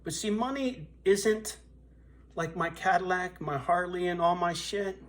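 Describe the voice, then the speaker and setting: A man's voice: high-pitched, a little slow, a bit bright. A man in his fifties telling a blunt, profane, streetwise story in a vlog, asking "right?" again and again. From US West Coast. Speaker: vlogger.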